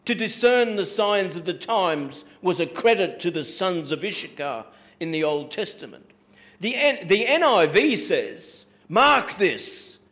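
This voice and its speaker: A man preaching with a fairly high voice. He presses his points hard, repeats key phrases and slows right down when he quotes scripture. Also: fairly bright tone. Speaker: pastor. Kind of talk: sermon.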